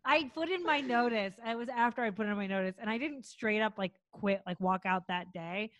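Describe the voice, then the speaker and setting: A woman's voice: medium pitch, brisk, a bit bright, lo-fi sound. A woman in casual chat, telling a story bluntly and laughing often.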